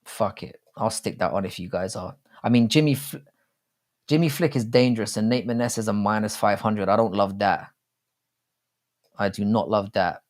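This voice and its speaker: A man's voice: on the low side, normal speed. A young man hosting a casual live stream, rambling and swearing freely with many restarts.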